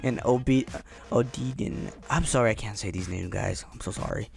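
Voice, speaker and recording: A man giving casual, excitable and playful commentary over his own gameplay. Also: on the low side, normal speed, vocal fry, soft background music. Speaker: gamer commentator.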